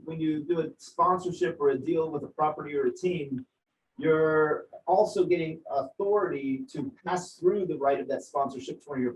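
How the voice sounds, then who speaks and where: A man's voice: a little high, darkish tone. A man hosting an interview, explaining terms and asking leading questions. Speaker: interview host. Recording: roomy, distant mic with faint noise.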